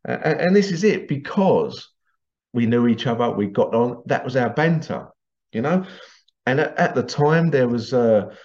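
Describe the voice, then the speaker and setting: A middle-aged man talks in a loose, rambling way, often breaking into chuckles and repeating himself. His voice sits at an ordinary pitch for a man. The recording sounds slightly dull and lo-fi. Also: lively intonation, normal speed, a little mellow. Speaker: tradesman vlogger. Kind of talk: casual anecdotal monologue.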